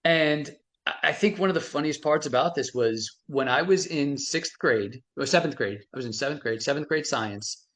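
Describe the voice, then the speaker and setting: A man's voice: on the high side, normal speed, a bit bright. A middle-aged man, a frequency medicine expert, telling stories animatedly with many restarts on a live stream. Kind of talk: motivational talk on a live stream.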